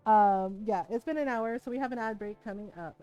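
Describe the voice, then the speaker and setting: Middle-aged lady streamer, kinda high voice, chatty and laughy, cusses a lot, soft music under her. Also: brisk, clean tone, muffled recording. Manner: animated, laughing storyteller, swears freely; gentle and encouraging when giving stream notices. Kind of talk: casual chat while streaming a game.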